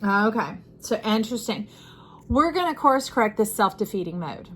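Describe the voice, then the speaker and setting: A woman's voice: mid-range voice, very animated, moderate pace, fairly bright tone, breathy edge. A woman giving an intuitive tarot reading, speaking expressively and repeating phrases for emphasis. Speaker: tarot reader.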